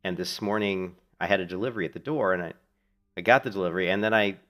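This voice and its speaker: Streaming a game from his Florida home, a middle-aged man chats casually as he plays. He's a laid-back, rambling storyteller who swears freely, with a low-pitched, fairly bright voice and a fast delivery.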